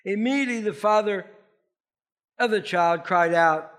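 A man preaching a sermon, expressive and emphatic, leading his congregation in responses. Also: high-pitched, moderate pace. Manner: leads the congregation in call-and-response. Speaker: pastor.

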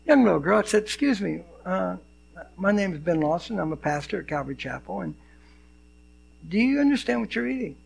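An older pastor preaches a sermon full of personal stories, animatedly acting out the dialogue of the people in them. His voice sits high and sounds creaky with a breathy edge, and he talks briskly.

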